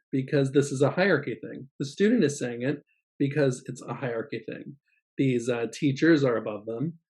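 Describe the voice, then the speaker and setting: A man's voice: mid-range voice, a little mellow. A man giving a casual teaching vlog, rambling and hesitant, with many fillers and light laughs. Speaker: assistant language teacher trainer. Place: Japan.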